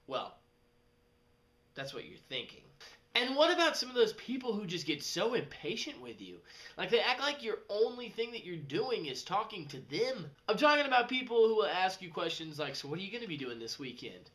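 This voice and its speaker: A young man, rambling casually in a vlog and jumping into high mocking voices. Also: a little fast. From West Texas. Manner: animated, jumps to high mocking voices when quoting people. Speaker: vlogger.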